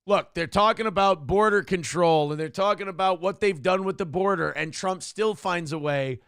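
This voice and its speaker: A man's voice: high voice, moderate pace, fairly bright tone, smooth, no echo, clean studio sound. A man hosting a morning show, riffing crudely and mockingly on news clips. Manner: profane, mocking, does jokey impressions. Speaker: show host.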